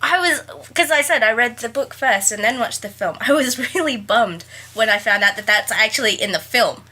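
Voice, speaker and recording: A woman's voice: fairly high pitch, animated, moderate pace, bright, forceful tone, husky. A woman guest-hosting a podcast, reading aloud and joking sarcastically, laughing often. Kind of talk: casual comedic book chat.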